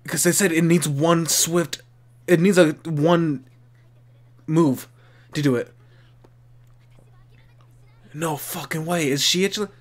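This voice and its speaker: A man with a somewhat high-pitched voice talks through his reaction as an anime reviewer. He is candid and excitable, swears freely, restarts his sentences, and sounds openly moved. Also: measured pace, pauses often. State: emotionally moved. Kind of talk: casual reaction commentary.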